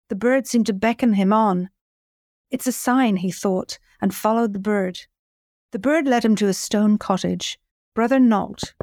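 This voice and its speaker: A woman host narrating a folk fairy tale in a measured, scripted delivery, slowing at dramatic moments. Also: a little high, darkish tone, dry recording, clean studio sound. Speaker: host and storyteller.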